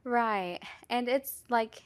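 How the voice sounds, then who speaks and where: A woman's voice: fairly high pitch, extremely slow. A young woman co-hosting a casual podcast chat, earnest and questioning, filling her talk with "like.". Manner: earnest, questioning, heavy "like" fillers. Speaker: podcast co-host.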